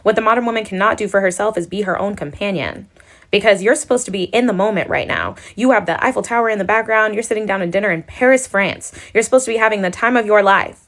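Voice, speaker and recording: A woman's voice: medium pitch, a bit bright. A woman giving scornful, lecturing commentary in a reaction video.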